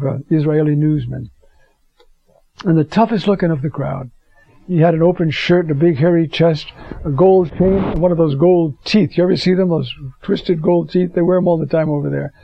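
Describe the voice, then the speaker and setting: A man's voice: a little high, gravelly, no echo. An older man giving an informal Bible lesson. He tells personal stories in a folksy way and keeps asking "you see?". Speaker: Bible teacher. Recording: dull lo-fi dry recording.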